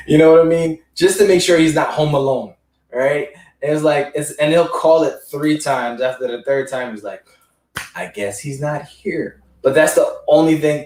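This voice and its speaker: A man co-hosting a podcast who talks in a rambling, conversational way and asks the others questions. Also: medium pitch. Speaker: podcast co-host caring for his father. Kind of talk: casual podcast discussion. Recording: roomy sound from a distance.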